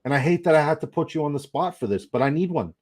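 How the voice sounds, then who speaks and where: A young man hosting a casual livestream, excitable, rambling and profane as he chats with viewers. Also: on the high side, fast. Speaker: livestream host.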